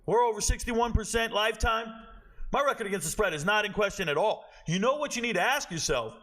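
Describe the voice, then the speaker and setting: A man's voice: sits high, a little fast, pushed and bright. A man hosting a sports betting vlog, ranting in a brash, boastful, scolding way. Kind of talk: betting picks vlog rant.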